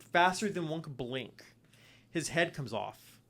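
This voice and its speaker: A man's voice: on the high side, animated, slow pace. A man narrating as the game master of a tabletop role-playing game, telling the story loosely and casually.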